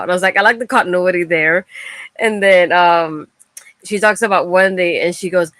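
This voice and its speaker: A woman's voice: mid-range voice, fairly quick, a bit bright, no room sound. Giggly woman co-host, dry sound. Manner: giggly, enthusiastic, quotes her own reactions. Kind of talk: casual wrestling recap chat.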